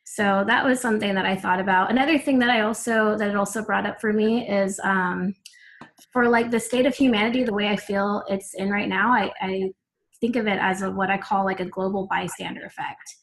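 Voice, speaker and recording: An earnest woman speaks on a group video call, her voice running gravelly with fry. She reflects aloud and leans on "like" as she works through her ideas. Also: mid-range voice, fairly even intonation, a little fast, poor audio. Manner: earnest, many fillers like "like". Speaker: call participant. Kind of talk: casual reflective sharing.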